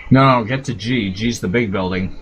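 A man's voice: fairly low pitch, normal speed. A man in casual team voice chat during an online shooter, laid-back, joking and swearing freely, talking over a headset mic. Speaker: gamer. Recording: gunfire and game noise behind.

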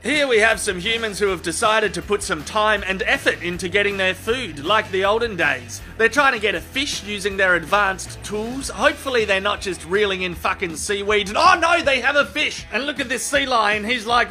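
A man's voice: sits high, lively intonation, moderate pace, few pauses, sharp tone, faint music behind. A man giving comic mock-documentary voice-over narration, with some swearing.

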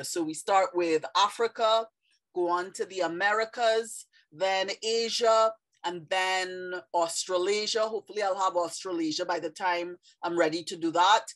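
A woman hosting her own YouTube channel, explaining a new project in a measured, thoughtful way with occasional fillers. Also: on the low side. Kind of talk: casual explanatory vlog.

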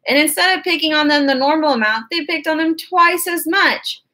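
A woman's voice: high-pitched, brisk, sharp tone. A woman narrating an audiobook in the first person, with a wry, conversational storytelling manner.

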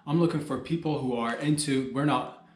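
A man's voice: medium pitch, moderate pace, roomy sound. A man hosting a solo comedy podcast, rambling and joking as he talks straight to his listeners.

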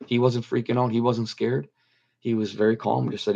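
A man's voice: medium pitch, little pitch movement, moderate pace, gravelly, warm tone, slightly rough. Earnest man in a muffled interview. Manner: earnest, repeats phrases for emphasis. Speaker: guest telling his near-death story. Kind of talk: personal testimony in an interview.

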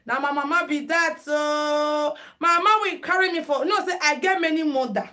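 This Nigerian host of a live headwrap tutorial speaks at a moderate pace, her high voice carrying a sharp tone over a phone mic. She talks casually with viewers, greeting them by name and mixing English with Pidgin.

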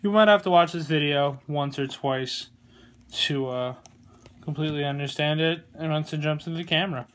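Relaxed, rambling man, slightly high voice. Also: normal speed, a little hiss or hum. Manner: relaxed, rambling, joking, many fillers. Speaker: glove maker demonstrating lacing. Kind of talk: casual how-to tutorial. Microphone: phone camera.

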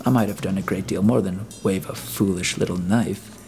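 A man as a calm, formal humanoid robot. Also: low-pitched, moderate pace, vocal fry, faint music behind. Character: humanoid male robot, calm, grave, polite. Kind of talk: audiobook character voice.

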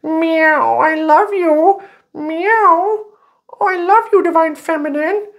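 A man's voice: slow pace, a bit bright, full character voice. A man voicing a cute cat that coos and meows sweetly to comfort someone. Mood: cooing. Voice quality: very high cooing voice. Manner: sweet, meowing between words. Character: cute cooing cat comforting a sad woman.

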